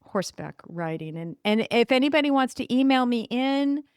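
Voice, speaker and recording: A woman's voice: a little high, animated, normal speed, smooth, dry recording, studio quality. A woman hosting her own podcast, talking casually and with enthusiasm, rambling a little and correcting herself as she goes. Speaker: podcast host. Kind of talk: casual solo podcast monologue.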